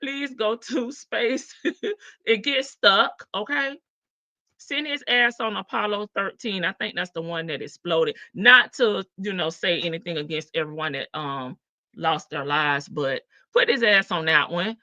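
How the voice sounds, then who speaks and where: A woman's voice: medium pitch, measured pace, sharp tone, no echo. A woman hosting a casual livestream, reading chat comments aloud in a sassy, teasing way and laughing often. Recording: dull lo-fi stream audio.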